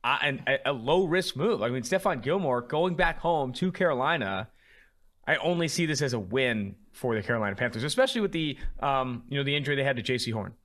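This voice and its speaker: A man co-hosting a sports podcast, chatting loosely and excitably and swearing casually. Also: mid-range voice, a little fast. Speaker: podcast co-host.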